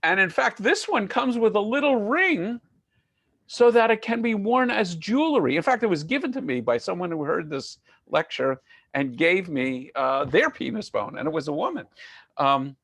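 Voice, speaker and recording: A man lecturing online about old myths, wandering into asides and deadpan jokes. His voice is a touch high with a gravelly grain. It sounds close and dry. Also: moderate pace, no echo. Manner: conversational, digressive, joking.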